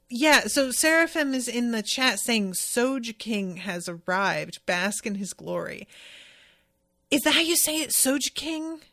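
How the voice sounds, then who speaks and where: A woman's voice: on the high side, fairly bright tone, dry recording, studio quality. A woman podcast host in casual chat, recapping an anime episode in a rambling way, full of asides and fillers.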